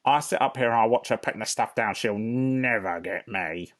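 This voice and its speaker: A man's voice: medium pitch, normal speed, voice pushed up, lightly acted. A man voicing a rude, boastful rat who shrieks and scolds, in a storybook reading. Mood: scolding.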